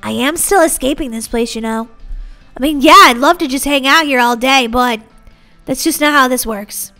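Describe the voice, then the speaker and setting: A bubbly, excitable woman hosting a gaming channel, giggling and chatting to her fans as she plays. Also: high-pitched, normal speed, soft background music. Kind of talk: playing a video game and commenting.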